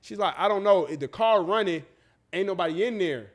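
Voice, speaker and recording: High-voiced man telling an animated story. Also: brisk. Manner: animated, profane storytelling with acted-out quotes. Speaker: podcast co-host. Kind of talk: casual storytelling.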